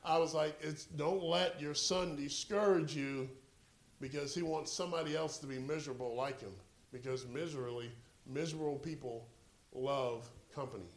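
A man's voice: fairly high pitch, normal speed, roomy sound. A man preaching with a Southern US accent, praying earnestly and then telling a story from the pulpit. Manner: earnest, builds to excited animated storytelling. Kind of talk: sermon with prayer and storytelling.

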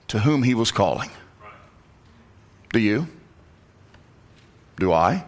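A man preaching a sermon, praying and reading scripture, rising to loud impassioned calls. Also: lowish voice, big pitch swings, takes it slowly, long pauses. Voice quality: glasses-wearing reader of scripture. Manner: rises to loud impassioned calls when quoting.

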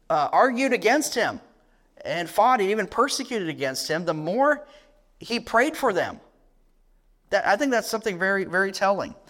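A man's voice: on the high side, fairly bright tone. A middle-aged man preaching a sermon in an earnest tone, asking rhetorical questions and restarting his phrases.

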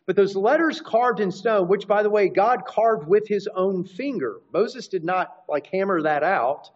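A man's voice: high voice, lively intonation, measured pace, breathy edge. A man preaching a teaching sermon, explaining scripture and restarting phrases as he goes. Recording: dull lo-fi recording.

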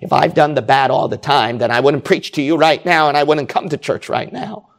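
A man's voice: a little high, fairly quick, vocal fry. A man preaching a sermon to his congregation, exhorting them with repeated rhetorical questions.

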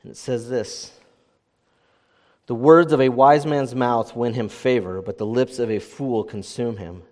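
A man delivers a sermon in a relaxed, conversational way, tossing "right?" to the congregation as he goes. His voice sits at an ordinary middle pitch. The sound carries a long reverb, as in a church sanctuary. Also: measured pace. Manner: conversational preaching, frequent "right?" tag questions. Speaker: pastor.

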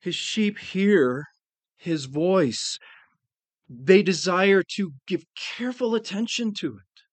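A pastor preaching in an earnest, measured way, slowing down to lean on the phrases that matter. His voice sits a bit high for a man. The sound is dry and close, with little room around it. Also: animated, dry recording. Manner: earnest, slows down to stress key phrases. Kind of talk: sermon.

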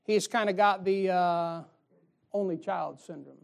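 A man's voice: sits high, steady tone, unhurried, vocal fry. A male pastor preaching a sermon in a folksy way, firing rhetorical questions at his congregation.

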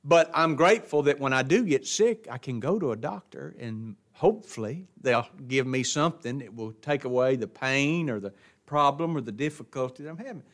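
A man's voice: mid-range voice, expressive, normal speed, a bit bright. Folksy man teaching the Bible. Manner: folksy, emphatic preaching with laughs and repetitions. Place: church classroom.

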